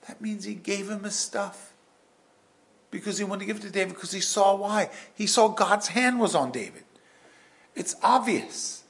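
A man preaching a verse-by-verse sermon with an animated delivery that swings from loud emphasis to hushed asides. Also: high voice, moderate pace, gravelly. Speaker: pastor.

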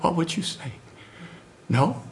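A middle-aged man delivering a sermon, his pitch leaping up and down with real liveliness. He keeps turning to the congregation with rhetorical questions, animated and earnest throughout. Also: slow, slight background noise. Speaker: preacher.

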